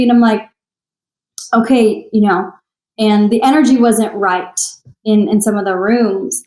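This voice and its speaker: A woman's voice: mid-range voice, steady tone, measured pace, mellow, reverberant, low-quality recording. A young woman from Texas, a singer and author, telling her story in a candid podcast interview with emotional earnestness.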